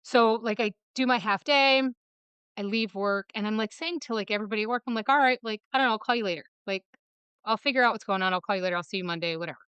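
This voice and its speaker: A woman from Michigan, guesting on a podcast, quickly retells a personal story in a smooth, fairly bright, mid-range voice with no echo. She quotes others as she goes, leaning heavily on "like."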